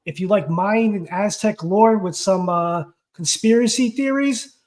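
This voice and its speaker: Guy with a pretty high voice, excited and rambly, lots of likes and uhs, co-hosting a stream. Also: measured pace. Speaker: co-host. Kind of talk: casual chat.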